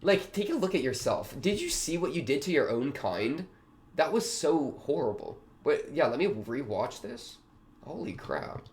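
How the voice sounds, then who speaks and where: Animated young man rambling through commentary. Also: a little high, moderate pace. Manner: animated, rambling, slangy, lots of fillers. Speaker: reaction video host. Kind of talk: casual reaction commentary.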